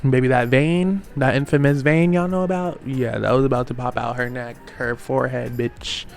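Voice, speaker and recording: A man hosting a casual reality show recap, talking in a sassy, slangy way with quick asides. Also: mid-range voice, steady tone, gravelly, faint music behind.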